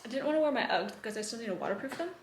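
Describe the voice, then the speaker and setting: A woman's voice: on the high side, lively intonation, rapid-fire, a little hiss or hum. A woman in her thirties vlogging casually at home, chatty and open, her talk full of "like" fillers. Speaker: lifestyle vlogger. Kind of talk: casual vlog talk to camera. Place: at home, indoors.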